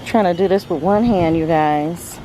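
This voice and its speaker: A woman's voice: on the low side, moderate pace, noisy background. A middle-aged woman chatting casually to viewers from her backyard garden, speaking into a handheld phone camera. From Southern California. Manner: chatty, addresses viewers as "you guys", savoring while tasting. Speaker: homesteading vlogger.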